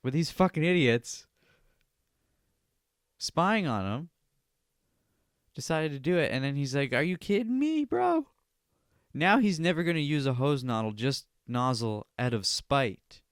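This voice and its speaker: A man's voice: mid-range voice, animated, unhurried, pauses often, clear, resonant tone, dry recording, clean studio sound. A man hosting a solo podcast, ranting indignantly and swearing freely, often tossing in "all right?" as a tic. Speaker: podcast host. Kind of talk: solo podcast commentary rant.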